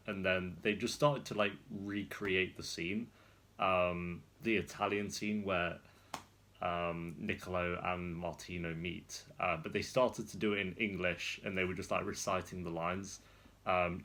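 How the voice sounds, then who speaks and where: He sits on a rolling chair indoors, a young man casually vlogging a rambling story, chatty and laughing a lot. His voice sits low, gravelly, with a fairly bright tone.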